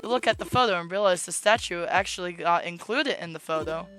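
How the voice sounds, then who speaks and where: A woman's voice: on the low side, a little fast, a bit bright, slight background noise. A woman streaming a game, reading its narration aloud in a dry, matter-of-fact way.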